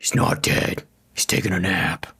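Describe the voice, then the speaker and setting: A man voicing a gruff male crime-fighter in a joking parody, with a gravelly, whispery growl. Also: low voice, big pitch swings, normal speed, sharp tone, voice pushed down, heavily acted. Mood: deadpan boasting.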